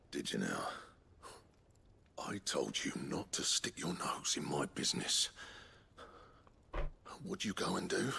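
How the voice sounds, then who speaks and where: A grumbling old blacksmith with a gravelly growl that sits very deep. His pitch still rises and falls widely as he curses and brushes people off, with game music faintly underneath. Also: big pitch swings, slow pace, long pauses, sharp tone, exaggerated voice. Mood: irritable. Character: gruff proud older male blacksmith. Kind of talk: video game voice acting.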